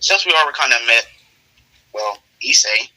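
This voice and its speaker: A man narrates an improvised story in casual chat, wandering through details with frequent fillers. His voice is very bright and crisp. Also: medium pitch, normal speed, poor audio. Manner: relaxed, rambling narration with many fillers.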